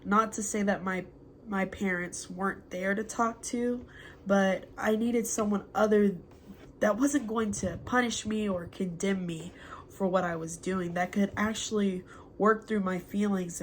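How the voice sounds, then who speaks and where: Young woman, mid-pitched, speaking a heartfelt letter at home, slow and hesitant. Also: a little hiss or hum. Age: young adult. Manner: slow, halting and reflective, with many pauses and fillers. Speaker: former student addressing a mentor. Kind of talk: heartfelt spoken letter to camera.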